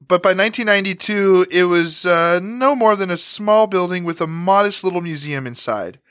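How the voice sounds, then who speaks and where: A man's voice: high voice, moderate pace, a bit bright. A man co-hosting a casual podcast, recapping an old TV episode in a laid-back, joking way with profane asides. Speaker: podcast co-host.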